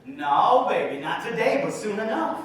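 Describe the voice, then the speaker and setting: A man voicing a firm, unbending mother eagle, calm and stern, heard from far off in an echoey hall. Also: high-pitched, normal speed, slight background noise. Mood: gentle.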